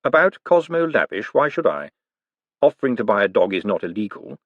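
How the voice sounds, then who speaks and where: A man doing a slow, icy aristocratic tyrant. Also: fairly low pitch, big pitch swings, no echo, muffled recording. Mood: cool menace. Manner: slow, measured, precise and icy. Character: cold, dry, menacing aristocratic male tyrant.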